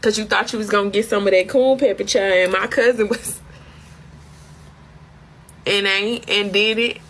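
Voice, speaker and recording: A woman's voice: mid-range voice, steady tone, normal speed, fairly bright tone. A woman telling a comic story as a profane, exasperated rant full of slang. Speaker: comedic storyteller.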